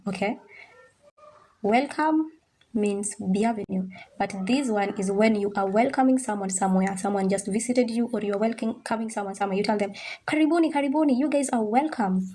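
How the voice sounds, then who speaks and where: A young woman teaching French, patiently repeating words slowly and checking that the class follows. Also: medium pitch, dark tone. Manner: patient, drills pronunciation slowly, checks understanding. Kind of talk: online language lesson.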